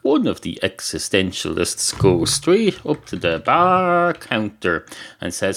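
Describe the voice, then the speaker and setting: A man's voice: on the low side, slow pace. A man with an Irish accent, hosting a podcast and telling a rambling comic story full of asides and restarts. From Ireland. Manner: meandering, self-interrupting, deadpan. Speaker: podcast host.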